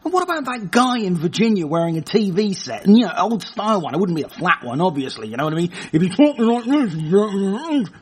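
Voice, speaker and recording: A man's voice: high-pitched, sing-song, quick pace, few pauses, fairly bright tone, breathy edge. A man hosting a podcast, riffing crudely on news stories with rambling jokes and asides. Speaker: podcast host. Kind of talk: casual comic news chat.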